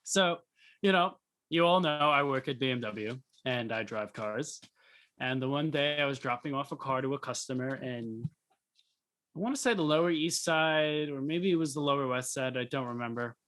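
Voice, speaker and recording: A man's voice: mid-range voice, normal speed, fairly bright tone. A young man co-hosting a podcast, chatting casually and telling rambling stories with frequent restarts. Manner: rambling storyteller, restarts often. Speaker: podcast co-host. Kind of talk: casual chat.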